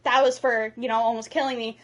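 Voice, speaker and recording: A woman's voice: on the high side, little pitch movement, a little fast, a bit bright, close to an everyday voice. Woman doing a blunt, profane Viking girl. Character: tough, competitive young Viking girl warrior. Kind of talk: comedic movie retelling.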